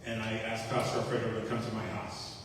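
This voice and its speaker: Recorded in an echoey hall through a distant mic with faint hiss, a man offers heartfelt personal testimony at a faith-based recovery meeting. His fairly low voice is steady and fairly quick, and he repeats key phrases while reenacting remembered conversations.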